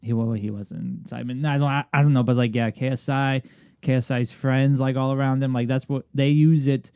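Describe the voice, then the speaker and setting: Young guy rambling on a podcast, lots of restarts, mellow voice, dry mic. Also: medium pitch, steady tone, fairly quick, clear, resonant tone, no echo. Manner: rambling, many restarts and fillers. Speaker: podcast co-host. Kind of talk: casual chat.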